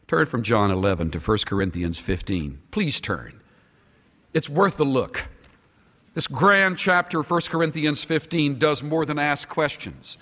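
Lively-voiced preacher man in a reverberant hall. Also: a little high, moderate pace. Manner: emphatic, repeated rhetorical questions. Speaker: pastor. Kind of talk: sermon. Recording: long reverb of a large hall.

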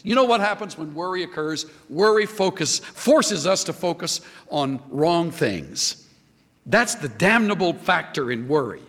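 A man preaching a sermon as pastor, emphatic and lively, quoting scripture. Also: high-pitched, in a large hall.

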